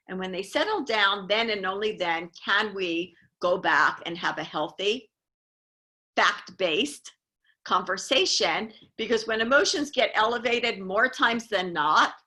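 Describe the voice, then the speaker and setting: Bright-voiced woman coaching with emphasis. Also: medium pitch. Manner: earnest, emphatic, repeats key phrases. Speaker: life coach, show host. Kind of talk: motivational coaching talk.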